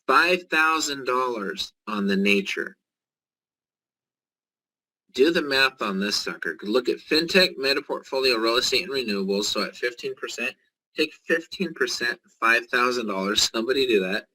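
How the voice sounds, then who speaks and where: Brief: male presenter, eager live sales pitch, sharp bright timbre. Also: slightly rough, low-quality recording. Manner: excited, salesy, joking.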